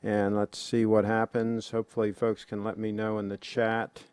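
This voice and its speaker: Relaxed man hosting a live stream. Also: on the low side, moderate pace, clean tone, no room sound. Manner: relaxed and chatty, addresses viewers as folks. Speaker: host. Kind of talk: casual live-stream talk.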